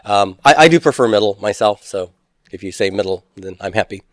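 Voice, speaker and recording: A man's voice: lowish voice, expressive, fairly quick, no echo. Joking man teaching Greek, dry sound. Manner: chatty, teasing, drills forms aloud. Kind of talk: recorded classroom lecture.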